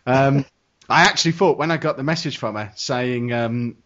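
A man's voice: mid-range voice, normal speed, a bit bright. A man hosting a podcast, chatting in a jokey, teasing, rambling way. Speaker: podcast host. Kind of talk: casual chat. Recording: dull lo-fi mic.

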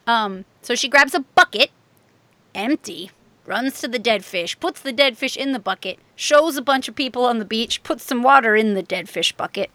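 A woman co-hosting a casual podcast chat, telling animated stories and acting out other people's lines. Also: on the high side, normal speed. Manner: animated storyteller, acts out people's voices. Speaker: podcast co-host.

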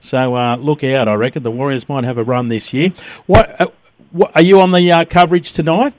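A man's voice: medium pitch, brisk, background noise. A man hosting a breakfast radio show, bantering and ranting in mock outrage. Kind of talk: casual on-air banter. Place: radio studio. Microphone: studio microphone.

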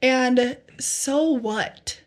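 A young woman co-hosting a podcast, talking about love in a sincere, emotional way with slow, drawn-out emphasis. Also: sits high, fairly even intonation. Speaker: podcast co-host. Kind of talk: casual faith chat.

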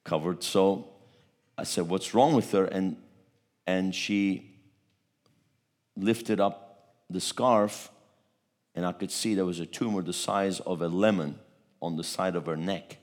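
A man's voice: sits low, fairly even intonation, takes it slowly, long pauses, a little mellow. A man preaching a testimony sermon, telling a story with repeated words and a voice that swells at its peaks.

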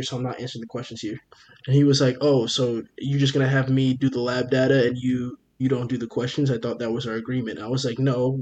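A young man, a podcast co-host, telling a story in casual chat, animated and profane, acting out what everyone said. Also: mid-range voice, highs cut off. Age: young adult. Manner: animated, profane, rapid retelling with quoted dialogue.

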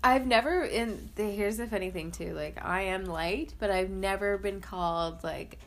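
A woman's voice: mid-range voice, moderate pace. A woman in casual conversation, speaking earnestly and leaning on "like" as a filler. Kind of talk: casual chat.

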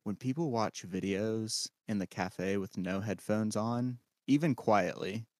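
A man's voice: on the low side, unhurried, darkish tone, no room sound, studio quality. A man co-hosting a casual coffee podcast, talking in a laid-back, wry way. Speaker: podcast co-host, cafe worker. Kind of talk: casual chat.

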